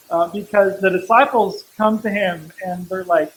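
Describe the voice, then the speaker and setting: A middle-aged male pastor giving a sermon in a church, talking in a relaxed, conversational way with humorous asides. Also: sits high, normal speed, hardly any pauses, rough recording.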